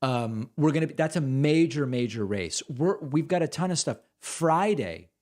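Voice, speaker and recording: A man's voice: fairly high pitch, lively intonation, moderate pace, a little mellow. Chatty man hosting a livestream. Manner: chatty, rambling, reads out supporter names. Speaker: host. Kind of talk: casual livestream chat.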